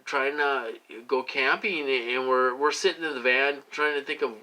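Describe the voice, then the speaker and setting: A man's voice: medium pitch, steady tone, normal speed, pushed and bright, rough recording. A man talking to his viewers in a rambling casual monologue, full of fillers and "you guys" asides. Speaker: vlogger.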